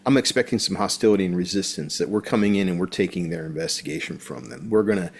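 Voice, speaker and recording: Brief: methodical tabletop player with a husky, low voice. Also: male voice. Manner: deliberate, rules-minded, explanatory. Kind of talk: casual tabletop play.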